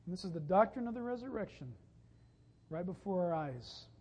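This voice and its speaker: A man preaching a sermon as pastor, animated and punchy, with emphatic rises and wry jokes. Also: high voice, moderate pace, breathy edge. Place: church sanctuary. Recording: lo-fi, dull, long reverb from a church hall.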